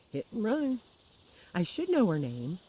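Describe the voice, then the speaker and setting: Bitter, sarcastic woman with a mellow voice. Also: medium pitch, slight background noise, rough recording. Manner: bitter, sarcastic storytelling with wry laughs. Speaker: churchgoer recounting grievances. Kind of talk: personal monologue.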